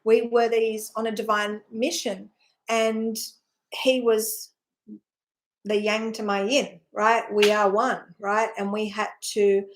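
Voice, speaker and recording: A woman's voice: medium pitch, level tone, slow pace, a little hiss or hum. A woman giving a personal spiritual talk, telling her story in a heartfelt, rambling way with sighs, often checking in with "right?". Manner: earnest, emotional storytelling with sighs. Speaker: spiritual teacher.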